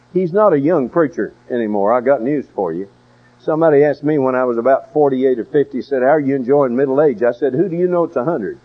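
A man's voice: high voice, muffled recording. An older man preaching a sermon in a folksy, emphatic way, with storytelling asides.

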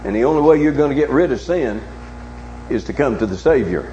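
A male preacher giving a sermon, swinging from low hushed tones to loud, emphatic challenges with repeated rhetorical questions. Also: animated, brisk. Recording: echoey, dull recording with faint hum.

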